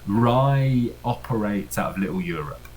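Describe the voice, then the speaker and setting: A man with a very deep voice runs a tabletop game as game master. He rambles casually, full of fillers, and laughs often as he describes the scene. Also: animated, unhurried, over a noisy crowd, low-quality recording.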